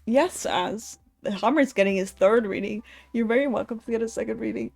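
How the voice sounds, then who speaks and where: A woman's voice: on the high side, a little fast, gravelly, darkish tone, soft background music. Chatty woman streamer, casual and laughing. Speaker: streamer giving card readings. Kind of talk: casual live-stream chat with viewers.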